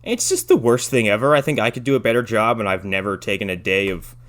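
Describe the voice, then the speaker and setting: A man's voice: on the low side, expressive, fast, a bit bright. A man co-hosting a podcast, giving a sarcastic, profane and rambling movie review in casual chat. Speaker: podcast co-host.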